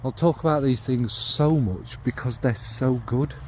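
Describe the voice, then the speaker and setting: Unhurried and mid-range, the man's voice carries a faint hiss or hum. He rambles casually and at length to his vlog audience, a fragrance vlogger warmly enthusiastic about scents.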